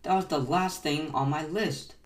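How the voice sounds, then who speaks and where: A man's voice: medium pitch, brisk, close to an everyday voice. A man doing a fussy, fretful toad. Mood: panicked. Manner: frets and wails when things go wrong. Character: fussy, anxious male toad who lives by lists.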